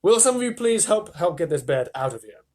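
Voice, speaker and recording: A man voicing an eccentric chocolate factory owner, talking in a loud, brisk and cheery way for a storybook. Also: high-pitched, big pitch swings, voice pushed up.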